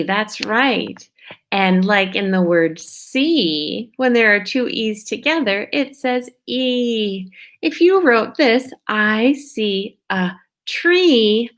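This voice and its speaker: A kindergarten teacher, a woman, giving a slow, patient phonics lesson, stretching out sounds and checking in with young children. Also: medium pitch, gravelly, a little hiss or hum. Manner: stretches out sounds and words slowly, checks in with "okay?".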